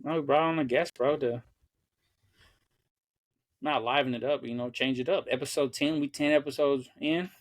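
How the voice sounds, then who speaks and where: A man's voice: medium pitch, normal speed, pauses often, no echo. Young man telling profane stories, dry sound. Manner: profane, animated storyteller acting out quotes. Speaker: podcast co-host. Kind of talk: casual chat, storytelling.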